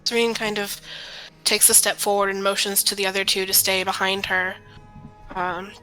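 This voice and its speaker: A woman describes her character's actions in a tabletop game in a casual, easy way. Her voice sits a bit low and sounds bright, with faint music behind her. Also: poor audio. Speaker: player. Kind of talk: tabletop role-play.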